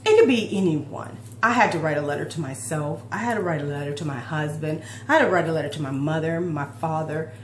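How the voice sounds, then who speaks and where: A woman's voice: sits low, brisk, few pauses. A woman in her forties talking heartfelt and emotional in a personal vlog, rambling with restarts. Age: 40s. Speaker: fitness vlogger. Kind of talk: personal confessional vlog talk. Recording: roomy echo with faint hum.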